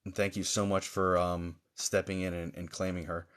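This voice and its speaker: A man working as a psychic medium, doing a live-streamed reading for viewers in a halting, searching way, with many pauses and fillers, and gently reassuring them. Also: low voice, little pitch movement.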